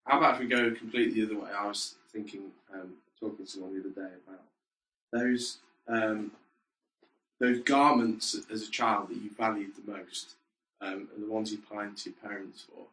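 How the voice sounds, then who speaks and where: A man chatting on a comedy podcast, giggly and quick with interjections. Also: fairly low pitch, steady tone, bright, forceful tone. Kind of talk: casual comedic chat. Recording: echoey room with faint background noise.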